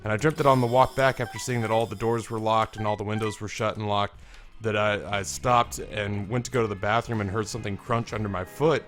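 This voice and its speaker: A young man with a congested, sick-sounding voice gives casual let's-play commentary on a video game, rambling, swearing and poking fun at himself. His voice sits lowish with fairly even intonation and a fairly bright tone, and he talks fairly quickly. Soft music plays in the background.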